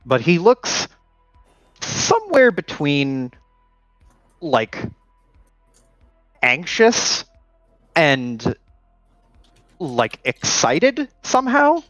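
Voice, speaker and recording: Slow-talking man running a tabletop game. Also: fairly high pitch, huge pitch swings, a bit bright, dry recording, faint music behind, low-quality recording. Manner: loose, filler-heavy narration. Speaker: game master.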